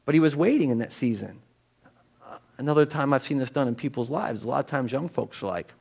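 This is a middle-aged man giving a chatty, animated sermon as a pastor, his voice creaky and slightly rough. He talks fast, with sudden swings in pitch and volume, repeated words, and side comments.

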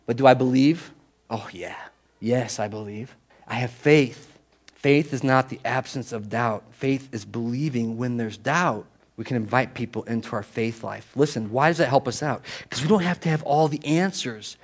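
Speaking at moderate pace in a mid-range voice with hardly any pauses, a male pastor delivers a church sermon. He talks conversationally, swinging from emphatic to hushed.

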